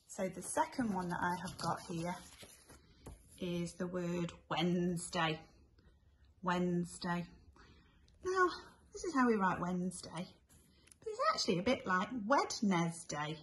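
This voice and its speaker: A woman teaching young children spelling tips in a gentle, sing-song way, spelling letters out slowly. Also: on the high side, vocal fry, slightly rough. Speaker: infant school teacher.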